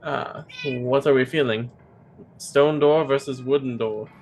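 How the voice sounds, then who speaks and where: A man's voice: medium pitch, measured pace, darkish tone, faint music behind. A man playing a tabletop game who chats casually and thinks aloud. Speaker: player.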